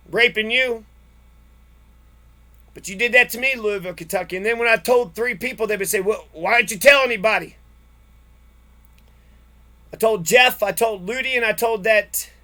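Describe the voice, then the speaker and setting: A man's voice: very high voice, bright, forceful tone. A man angrily telling his own story in a long, profane, repetitive monologue. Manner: angry, profane, repetitive ranting. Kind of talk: angry personal monologue.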